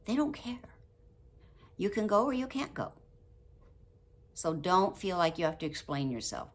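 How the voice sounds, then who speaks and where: An older woman talking casually to camera about a book, chatty and quick to laugh, acting out example phrases. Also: fairly low pitch, very animated. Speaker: book review vlogger.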